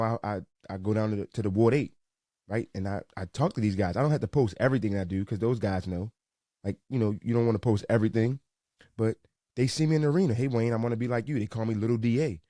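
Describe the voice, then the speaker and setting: A young man from Baltimore, a sports reporter guesting on a podcast, talking earnestly with a few halting restarts. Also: on the low side, warm tone, dry recording, studio quality. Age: young adult. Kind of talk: casual podcast chat.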